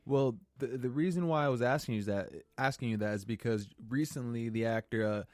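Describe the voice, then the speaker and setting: Man, podcast host, halting speech, lots of fillers, mid pitch, dry sound. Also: no echo. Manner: hesitant, halting, full of fillers and questions. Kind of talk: casual podcast chat.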